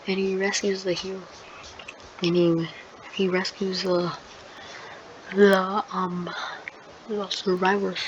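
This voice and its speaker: A woman's voice: fairly low pitch, slow pace, long pauses. A woman hosting her channel, improvising a fan-fiction story in a rambling, hesitant way as she searches for words. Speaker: channel host. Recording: dull lo-fi recording with steady noise.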